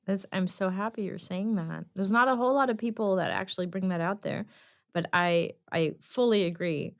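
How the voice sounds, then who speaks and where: A woman's voice: mid-range voice, normal speed, creaky. A woman talking as a guest in a podcast interview, telling personal stories in a chatty way and acting out what people said. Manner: chatty storyteller, acts out quotes. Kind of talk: conversational interview.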